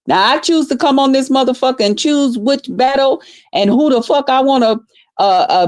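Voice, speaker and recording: A woman vents on her livestream in a high voice. She swears constantly, repeats her points, and talks trash with blunt force. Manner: loud, profane, repetitive, trash-talking with heavy cursing. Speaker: livestream host. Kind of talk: profane ranting livestream commentary.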